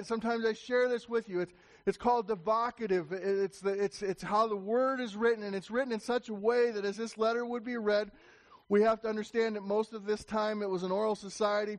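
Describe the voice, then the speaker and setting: High-voiced man preaching an emphatic sermon. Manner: emphatic, repetitive restarts, rising to call out to the congregation. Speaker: pastor.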